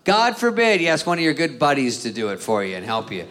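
A male stand-up comedian with a rambling, deadpan delivery who acts out dialogue, performing on a club stage. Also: mid-range voice, quick pace. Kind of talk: stand-up routine. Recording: live club with audience laughter and noise.

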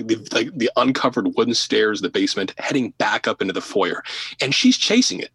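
A man guest on a podcast telling a story in casual, animated talk, often laughing, repeating words and dropping to a hush at tense moments. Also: on the low side, normal speed, slightly rough, no echo, rough recording. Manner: drops to a hushed voice for tense moments. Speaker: podcast guest, paranormal investigator.

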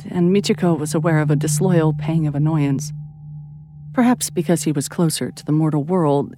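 Lower-voiced woman narrating a story over music. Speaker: audiobook narrator. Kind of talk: scripted narration. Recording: soft music bed under reading.

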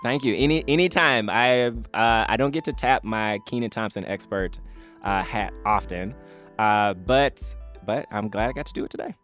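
A man's voice: on the low side, moderate pace, a bit bright, faint music behind. A man in his thirties chatting as an interview guest, enthusiastic and rambling, laughing often. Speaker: guest, comedy fan. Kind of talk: casual interview chat.

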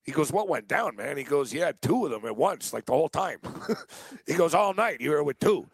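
A man with a slightly raised pitch spins a long, rambling story on a sports betting podcast. He laughs easily and acts out the people he quotes. The sound is dry and close, with no room behind him. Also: very animated, a little fast, vocal fry, slightly rough, no room sound. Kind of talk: casual storytelling chat.

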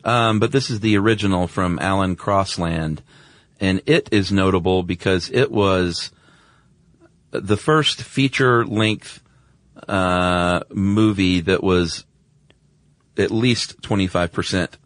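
Deep-voiced man in casual podcast chat. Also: slow pace, dry recording, clean studio sound. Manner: relaxed, conversational, many fillers. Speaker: podcast co-host.

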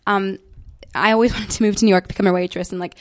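A young adult woman with a slight British inflection, telling stories in a bubbly, animated way as an interview guest. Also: medium pitch, quick pace, dry recording. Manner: bubbly, animated storytelling with laughs. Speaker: guest, stage actress. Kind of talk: casual interview chat.

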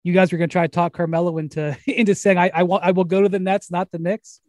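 Man, high voice, rambling storyteller, casual sports chat, dry close sound. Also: fairly even intonation, fast, a little mellow, no echo. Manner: rambling storyteller, frequent restarts and laughs. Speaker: podcast host.

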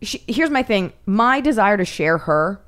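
A woman comedian chatting as a podcast guest, telling stories with animated, acted-out quotes. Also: medium pitch, a little slow. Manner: animated storytelling, acts out quotes. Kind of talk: casual podcast chat.

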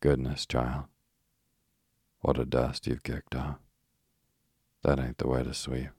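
A man voicing a deaf, kindly, fussy old village grandmother in an audiobook, with folksy rustic speech and loud exclamations. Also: very deep voice, monotone, slow pace, vocal fry, slightly rough, no echo, studio quality, exaggerated voice. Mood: fussy, instructing. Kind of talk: audiobook character reading.

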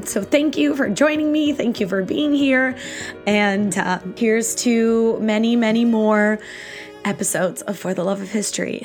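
A woman hosting a history podcast, chatting in a rambling, gushing and heartfelt way during a live recording. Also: fairly high pitch. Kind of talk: casual live podcast chat.

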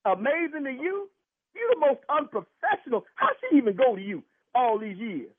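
Indignant husband on a phone call, high lively voice, husky, tinny line. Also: male voice, normal speed, no room sound. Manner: indignant, repeats himself, talks over the caller. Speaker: prank call target, husband.

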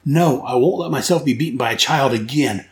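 A man's voice: mid-range voice, a little fast, reverberant, lightly acted. A man voicing a frustrated male villain who declares things in a strained, defiant way. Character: frustrated adult male villain with energy powers.

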